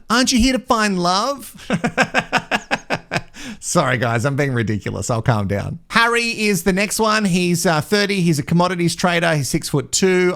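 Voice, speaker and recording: Animated, sarcastic young man vlogging. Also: sits high. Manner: playful, sarcastic, animated, laughs often. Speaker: vlog host recapping a reality show. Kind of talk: casual recap commentary.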